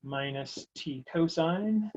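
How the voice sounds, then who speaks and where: A man's voice: a little high, slow pace, darkish tone, muffled recording, a little hiss or hum. A man teaching a recorded math lecture, working through steps aloud in a casual, wry way. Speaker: math instructor.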